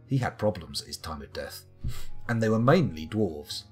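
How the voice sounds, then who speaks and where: A British man live-streams a game, reading combat logs aloud and tossing in wry, profane asides. His low voice is sing-song with a breathy edge, at normal speed, and faint guitar music plays behind him.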